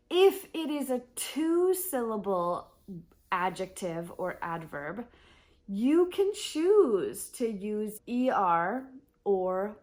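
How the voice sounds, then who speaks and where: A woman teaching an English grammar lesson, spelling words out letter by letter and checking in with "okay?" and "right?". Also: medium pitch.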